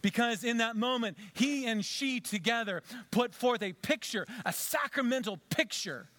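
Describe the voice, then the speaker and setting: A man preaching a sermon as a pastor in a church, conversational, dropping to soft, low tones for emphasis. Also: moderate pace, dry recording. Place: church sanctuary.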